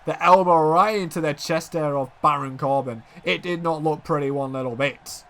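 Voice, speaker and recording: A man giving excitable play-by-play commentary on a wrestling video game, dropping to low murmurs and rising to shouted exclamations. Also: moderate pace, slight background noise.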